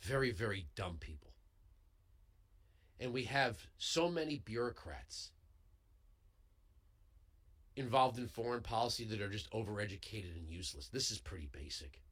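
A male talk show host delivering a heated political commentary monologue into a studio microphone, emphatic and building to yells. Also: lowish voice, lively intonation, normal speed, long pauses. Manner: heated, emphatic, swings into yelling. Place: radio studio. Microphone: studio broadcast microphone.

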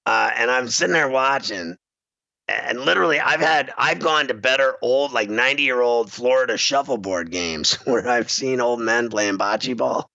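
Brief: male sports talk host, gravelly and bright, rambling storyteller, dry muffled mic. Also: mid-range voice, moderate pace, no echo. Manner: rambling storyteller, laughs often, mimics voices. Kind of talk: animated sports talk banter.

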